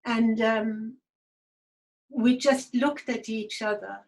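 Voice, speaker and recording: A woman giving a halting, reflective personal spiritual testimony, audibly emotional. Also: on the high side, fairly even intonation, a little mellow, rough recording. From Germany. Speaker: guest speaker.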